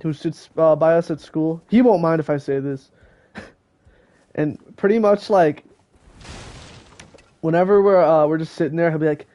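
Here a teenage streamer banters casually with friends over a call during a video game. He talks at normal speed but leaves long pauses, and his rather high voice has a dark tone.

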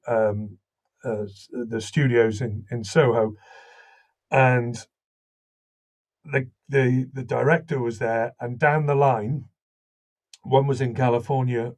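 A man with a slight Welsh lilt talks through an interview in a husky voice. He tells anecdotes in an animated way and restarts his sentences often. His voice sits at a middle pitch. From Wales. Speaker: voice actor and audiobook narrator. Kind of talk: interview conversation.

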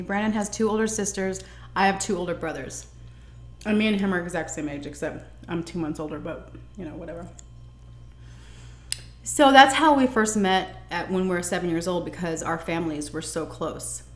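Her lowish voice sounds reverberant as this young American vlogger eats and tells a personal story. She chats animatedly and acts out what each person said.

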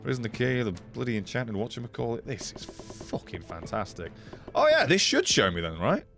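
A man streaming a video game, chatting and swearing excitedly, swinging from low mutters to sudden yelps. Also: brisk, creaky, soft background music. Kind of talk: casual gameplay commentary.

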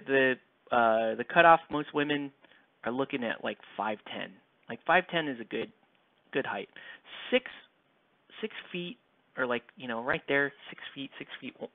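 A young man talks loosely while he paints, wandering off topic and teasing his viewers about their comments. His voice sits at an ordinary pitch. The sound is narrow and tinny, with no room echo at all. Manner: rambling, self-mocking, reads chat comments aloud. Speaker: painting streamer. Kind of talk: casual chat while painting. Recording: dry, tinny, phone-like sound.

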